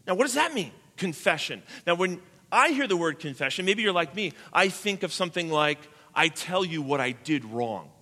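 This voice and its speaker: A man preaching a sermon as pastor, emphatic, swinging between soft and loud. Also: a little high, sing-song, normal speed, few pauses, in a large hall.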